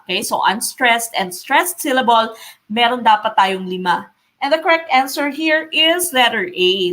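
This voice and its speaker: A woman's voice: mid-range voice, a bit bright. A woman with a Filipino accent teaching an exam review on a live stream, explaining step by step and switching between Tagalog and English. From Philippines. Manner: explains slowly, mixing Tagalog and English, repeats key points.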